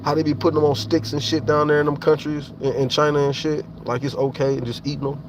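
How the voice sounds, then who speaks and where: A man's voice: fairly high pitch, little pitch movement, brisk, background noise. A man, talking casually and profanely to his viewers on a livestream, rambling and speaking straight to the chat.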